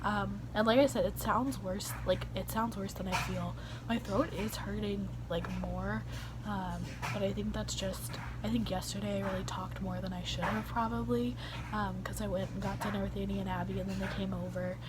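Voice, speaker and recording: A young woman vlogs from home with a hoarse, raspy, half-lost voice. She talks casually and mocks herself dryly, often trailing off. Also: mid-range voice, steady tone, normal speed, heavy background noise. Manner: casual, self-mocking, trailing off. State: hoarse, losing her voice. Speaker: vlogger. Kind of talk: casual vlog chat.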